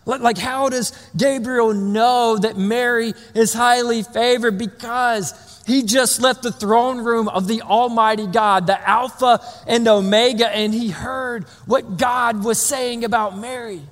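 Male pastor, high voice, casual animated sermon delivery, big reverberant hall. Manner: conversational, animated, with many restarts and playful asides. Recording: long reverb of a large hall.

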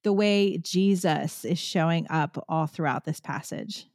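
A woman's voice: sits low, a little slow, a little mellow, dry recording, clean studio sound. A woman hosting an interview, asking questions in a friendly, curious way. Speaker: interviewer, podcast host. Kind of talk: conversational interview.

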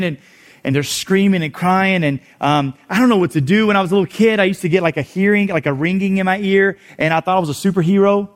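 A man preaching to his congregation, telling a long story with animated energy. His voice sits a bit high for a man, and he drops low and quiet when the story turns tense. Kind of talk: storytelling sermon.

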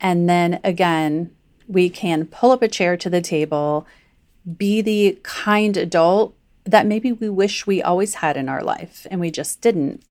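A woman health coach with a lowish voice chats through a podcast, peppering her talk with "like" and acting out little inner voices. The sound is dry and close, with no room around it. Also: measured pace, a little mellow, no room sound. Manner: chatty, frequent "like", acts out inner voices. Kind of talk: conversational podcast teaching.

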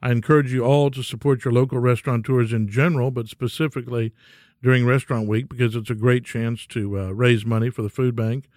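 A man's voice: medium pitch, fairly even intonation, brisk, darkish tone, no room sound, clean studio sound. A man hosting a podcast, telling stories in a folksy, rambling way with frequent ums. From Texas. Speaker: podcast host. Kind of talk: casual solo podcast storytelling.

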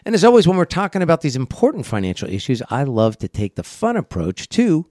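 A man hosting a casual financial radio show, congested from a head cold, talking in a flat, monotone way with many fillers and rambling asides. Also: a little high, quick pace, hardly any pauses, no room sound, faint music behind. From eastern United States.

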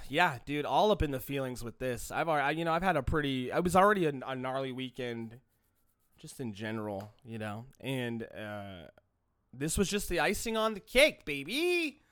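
A man's voice: mid-range voice, lively intonation, moderate pace, a bit bright, clear, resonant tone, no room sound, studio quality. A man hosting a solo podcast, talking in a profane, rambling rant with frequent restarts. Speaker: podcast host.

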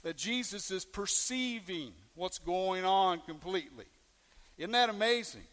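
A man's voice: high-pitched, expressive, a little slow, fairly bright tone, long reverb tail, a little hiss or hum. A man preaching a sermon as pastor, telling folksy stories and asking the congregation questions.

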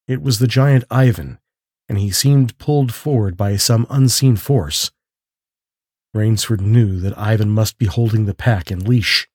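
A man narrating a mystery story in a calm, measured way. His voice is lowish and husky, and it comes across dry and close to the mic. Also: no echo. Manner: measured, steady reading. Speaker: narrator and host of a story show.

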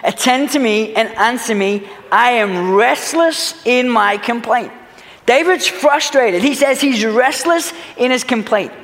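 Pastor, male, high voice, earnest sermon delivery, long church-hall reverb. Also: a little slow. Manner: earnest preaching, big swings from loud urgency to hushed. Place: church sanctuary.

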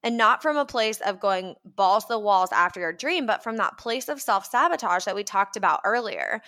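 A woman's voice: medium pitch, expressive, normal speed, sharp tone. A young woman hosting a podcast, talking casually and upbeat, acting out little quoted voices as she goes. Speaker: podcast host.

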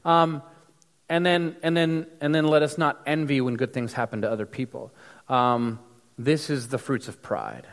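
A man's voice: medium pitch, moderate pace, in a large hall. A man from the United States giving a casual, conversational sermon with many fillers and restarts. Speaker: preacher.

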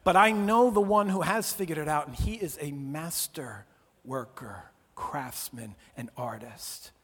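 A man preaching a sermon as pastor, animated, swinging from loud emphasis to soft, low words. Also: unhurried, slightly rough. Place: church auditorium. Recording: long reverb of a large hall.

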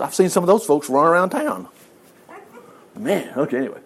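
A man preaching a sermon, teaching from the Bible in a casual, animated and conversational way, with many asides. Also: fairly high pitch, fairly quick, pauses often, slightly rough.

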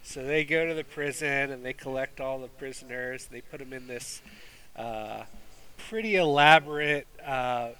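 A man's voice: mid-range voice, moderate pace, pushed and bright, smooth, low-quality recording. A man hosting a casual movie review chat, rambling with fillers and restarts. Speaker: movie review podcast host.

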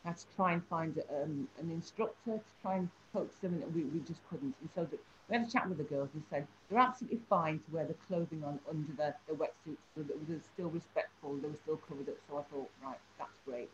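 A woman tells a story from her teaching work, full of life and acting out each person she describes. Her voice sits at a middle pitch. The recording is a little dull, with a faint hum behind her. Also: fast talker, hardly any pauses. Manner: animated storytelling, acts out the people she describes. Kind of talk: anecdote in an interview.

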